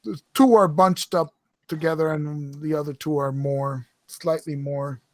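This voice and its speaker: A man running a tabletop role-playing session as game master, talking in halting, self-correcting phrases. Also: fairly high pitch, steady tone, no echo. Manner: halting, thinks aloud, lots of restarts.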